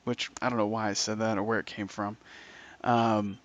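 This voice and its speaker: A man's voice: fairly low pitch, level tone, moderate pace. A man in his thirties, a podcast host, telling old stories in casual, profane chat. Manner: swearing, laid-back storyteller acting out voices. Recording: dull lo-fi sound.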